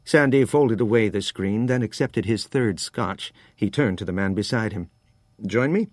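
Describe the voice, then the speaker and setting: Low, measured male narrator for a thriller audiobook, dry studio read. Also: darkish tone, dry recording. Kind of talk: scripted narration.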